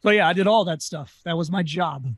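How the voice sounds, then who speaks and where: A man with a Southern US accent, a former carnival talker telling stories in an interview, talking fast and animated. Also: sits high, dry recording. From Southern United States. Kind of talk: casual storytelling interview.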